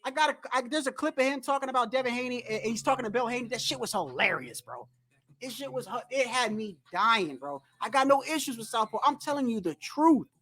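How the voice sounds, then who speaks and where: Male boxing streamer, high voice, loose profane storytelling, rambles. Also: lively intonation, fairly quick, bright, forceful tone. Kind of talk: casual livestream storytelling.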